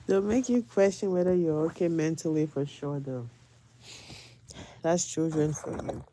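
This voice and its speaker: A woman's voice: sits low, unhurried, dark tone, a little hiss or hum. A woman, a mother, chatting casually to camera, repeating phrases for emphasis and often breaking into laughs. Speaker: vlogger and mother.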